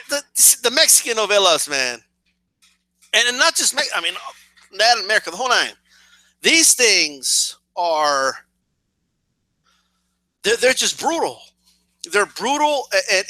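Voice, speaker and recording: A man's voice: sits high, dry recording. A young man with a slight cough, ranting comically to camera, swearing a lot and stammering over repeated words. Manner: animated, swearing, stammering repeats, acts out shouts. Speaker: boxing channel vlogger.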